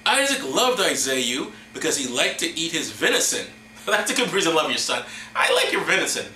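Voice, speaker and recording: A man hosting a comedy show, reading scripture in a hammy, mock-solemn way with deadpan asides. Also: a little high, fairly quick, roomy sound, a little hiss or hum, poor audio. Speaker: host.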